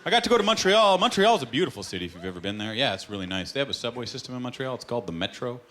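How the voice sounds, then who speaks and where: A Canadian man doing a stand-up comedy set on a club stage, telling stories with deadpan punchlines. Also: medium pitch, racing. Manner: lively, deadpan punchlines, acted-out quotes. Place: comedy club stage before a live audience. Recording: live club recording with loud crowd. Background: loud audience laughter.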